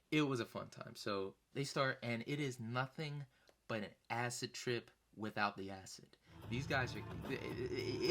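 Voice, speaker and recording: A young man telling a concert story in a loose, animated way, swearing now and then and acting out the voices of the people in it. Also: mid-range voice, slight background noise. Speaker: vlogger. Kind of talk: casual storytelling.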